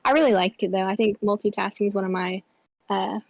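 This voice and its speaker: A woman speaks calmly and easily as a podcast guest. Her voice is of middle pitch, and the recording is dry, with no room sound. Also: quick pace, no echo, poor audio. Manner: calm, easygoing. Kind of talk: casual chat.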